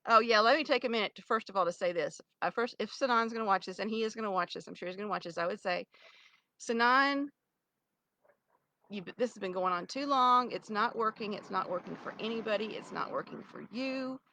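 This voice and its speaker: A woman's voice: mid-range voice, a little fast, pushed and bright, rough recording. A middle-aged woman talking straight to camera in a rambling, pleading monologue with many restarts and fillers, close to tears. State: near tears. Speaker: vlogger addressing her ex. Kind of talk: emotional direct-to-camera monologue.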